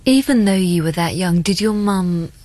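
A woman interviewing a guest, asking her questions gently and in a soft voice. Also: fairly low pitch, lively intonation, moderate pace, dry recording.

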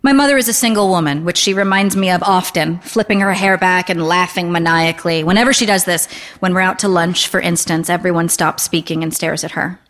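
A woman in her thirties reading a literary story aloud in a dry, understated, deadpan manner. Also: lowish voice, a little fast, in a large hall. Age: 30s. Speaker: narrator.

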